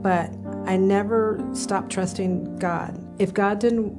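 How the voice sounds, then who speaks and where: A woman giving a calm, plain-spoken church testimony. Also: medium pitch, slow. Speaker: church member interviewed. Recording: loud guitar music behind.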